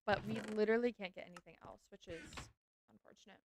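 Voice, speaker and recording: A woman talking her way through a live game stream, chatty and easygoing as she answers chat between tasks. Her voice sits at an ordinary middle pitch, with a faint hiss behind it. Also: quick pace. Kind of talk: casual live-stream chat while gaming.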